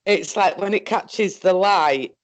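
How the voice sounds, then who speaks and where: A woman with a Northern English accent telling a story in a casual, halting, rambling way, swearing often. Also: medium pitch, no echo. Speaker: guest recounting an experience.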